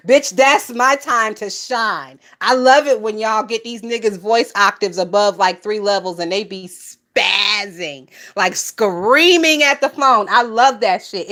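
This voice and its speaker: A woman hosting a casual gossip livestream, reading viewer comments and laughing often. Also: mid-range voice. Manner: laughs often, loud and amused.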